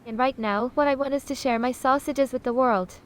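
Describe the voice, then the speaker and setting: A woman speaks in a high, steady voice at a fairly quick clip, sounding close to everyday speech. The text-to-speech voice portrays a sassy AI chatbot who thinks highly of itself and calls itself a sausage. It's haughty, dramatic, and condescending, with frequent uses of "honey."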